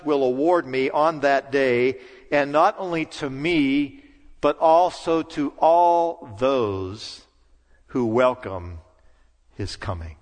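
A middle-aged man giving an earnest sermon as pastor, pausing for emphasis. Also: a little high. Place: church sanctuary. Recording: long church reverb.

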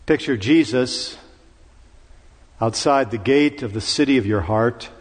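A man's voice: medium pitch, a little slow, breathy edge. A man preaching a sermon in a church, with dramatic recitation that rises to commanding peaks. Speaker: pastor. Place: church sanctuary. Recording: long reverb of a church hall.

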